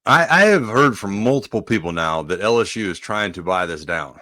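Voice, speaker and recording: A man's voice: on the low side, expressive, brisk, sharp tone, no room sound, studio quality. A man co-hosting a casual sports podcast, a former player rambling with plenty of fillers.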